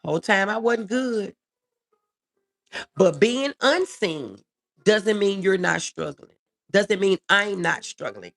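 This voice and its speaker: A woman talks on a casual livestream at a middle pitch, with a gravelly edge of vocal fry. She answers viewer comments in an earnest, reassuring way and often repeats her key phrases. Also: lively intonation, slow, long pauses, fairly bright tone, faint music behind.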